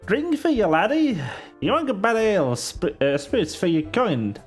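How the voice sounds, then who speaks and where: A man voicing a rough, hearty male tavern keeper for a game, reading it aloud with a clumsy attempted Scottish accent and stumbling restarts. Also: sits high, very animated, moderate pace, soft background music, heavily acted. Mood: gruff.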